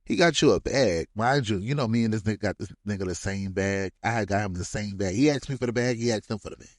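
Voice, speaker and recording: A man casually telling a personal story as podcast host, animated and slangy, often laughing as he goes. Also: on the low side, fast talker, dry recording, studio quality.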